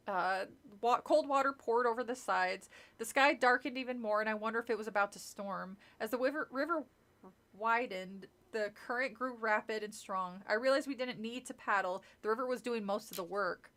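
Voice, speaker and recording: Woman streamer, high and bright, casual read-aloud with lots of laughs, slips and tangents. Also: normal speed. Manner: laughs often and stumbles and corrects herself while reading. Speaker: streamer reading a book aloud.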